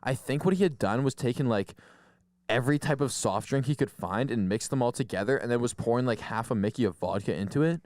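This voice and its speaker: A man's voice: mid-range voice, fast talker, darkish tone, dry recording, clean studio sound. A young man co-hosting a podcast, telling crude party stories in casual chat. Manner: crude storytelling, swears a lot. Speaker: podcast co-host.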